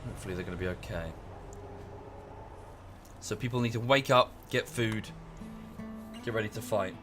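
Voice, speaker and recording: A man's voice: on the low side, normal speed, a bit bright, soft background music. A young English man chatting casually with his stream chat while playing a strategy game, often correcting himself mid-sentence. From England. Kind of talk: casual livestream chat over gameplay.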